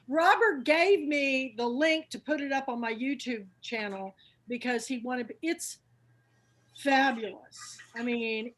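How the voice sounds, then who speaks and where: A woman with a somewhat high voice hosts a book club chat with eager, rambling enthusiasm. Her thoughts tumble out with fillers and restarts over a video-call mic. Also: takes it slowly, fairly bright tone.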